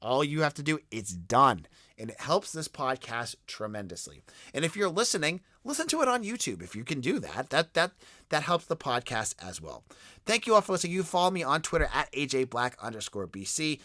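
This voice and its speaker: A man hosting a solo sports podcast, talking in an animated, rambling way with frequent restarts. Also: a little high, brisk, no room sound, studio quality. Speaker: podcast host.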